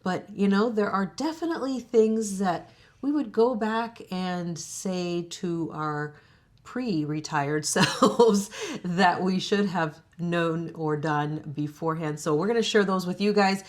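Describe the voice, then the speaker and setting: A woman's voice: fairly low pitch, slow pace. A woman co-hosting a travel vlog, chatting casually to the camera and laughing often between her phrases. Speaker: co-host of a retirement travel channel.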